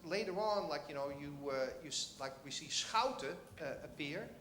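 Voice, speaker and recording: A man's voice: a little high, animated, normal speed, a bit bright, echoey room, slight background noise. A man in the audience of a conference asking a question, rambling and joking. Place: lecture hall.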